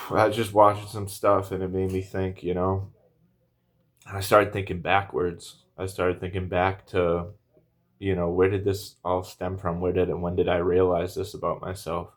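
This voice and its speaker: A man in his thirties speaks to camera in a low voice that barely rises or falls. He rambles earnestly through a personal story, restarting sentences and leaning on fillers. He sounds a little emotional throughout. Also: level tone, normal speed. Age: 30s. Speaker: vlogger.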